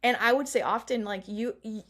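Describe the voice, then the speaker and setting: A middle-aged woman performance coach chatting as an interview guest, animated, laughing often and acting out the lines she quotes. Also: fairly high pitch, fairly quick. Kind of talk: casual interview chat.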